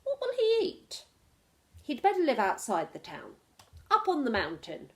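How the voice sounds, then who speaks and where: A fussy, fretful male mayor from a storybook, as a woman reader puts him on. He frets in an officious, lively voice at an unhurried pace. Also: high voice, voice pushed up, exaggerated voice.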